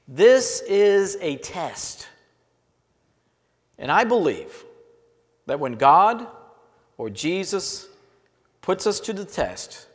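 Male pastor, high voice, earnest sermon, phrases trailing off softly, long reverb in a church hall.

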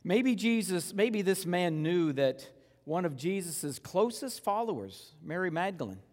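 A man preaching a sermon in a conversational way, moving between loud rhetorical questions and hushed, slow reverent passages. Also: high voice, very animated, big-room sound. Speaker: pastor.

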